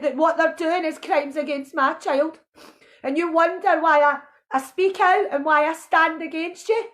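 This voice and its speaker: A woman's voice: very high voice, a bit bright. A mother ranting with passion, angry and accusing, and at times pleading and emotional. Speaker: protesting mother. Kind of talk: impassioned video rant.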